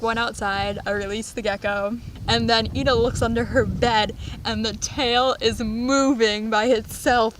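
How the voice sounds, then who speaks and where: A young woman vlogging outdoors on a farm, casually telling funny stories with lots of laughs and excited squeals. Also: fairly high pitch, background noise. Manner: animated, laughing, squealing when retelling scares. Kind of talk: casual storytelling vlog.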